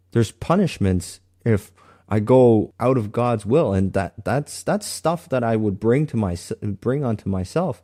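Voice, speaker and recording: A man sharing a personal faith testimony in an earnest, halting way, often restarting his sentences. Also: mid-range voice, expressive, mellow.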